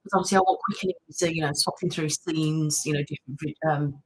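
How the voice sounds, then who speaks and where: A woman's voice: sits low, fairly even intonation, fast talker, slight background noise, poor audio. A woman hosting an ASMR live stream, chatting casually and thanking viewers by name. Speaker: ASMR channel host. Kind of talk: casual live-stream chat reading comments. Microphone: studio mic.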